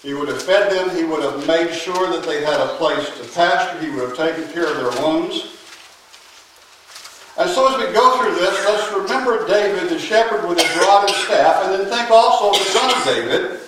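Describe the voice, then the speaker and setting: Emphatic preacher in an echoey church. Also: male voice, high-pitched, noisy background. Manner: emphatic, with long pauses and sudden drops to a quiet voice. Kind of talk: sermon. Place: church sanctuary. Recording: very echoey church, mic at a distance.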